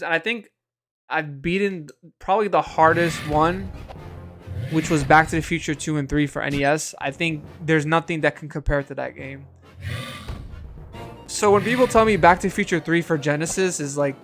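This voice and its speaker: A man streaming a video game, chatting casually, rambling and swearing at the game, with chuckles. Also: fairly high pitch. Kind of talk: casual live-stream chat.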